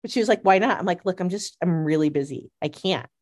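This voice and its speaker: A woman in casual fan chat, an animated storyteller who laughs often and fills her talk with "like.". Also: on the low side, quick pace. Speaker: podcast co-host.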